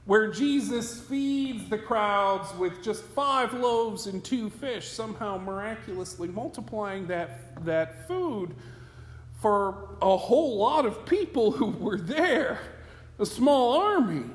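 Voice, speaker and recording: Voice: mid-range voice, lively intonation, slow pace, a little hiss or hum. A pastor preaching a sermon in a conversational way, asking the listeners rhetorical questions, recorded in a church sanctuary. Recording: echoey hall with long reverb.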